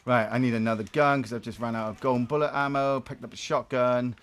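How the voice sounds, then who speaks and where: A man co-hosting a game review show, casually commentating gameplay with jokes, swearing and loud acted-out bursts. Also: mid-range voice, quick pace, clear, resonant tone. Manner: animated, jokey, acts out game characters in loud bursts, swears.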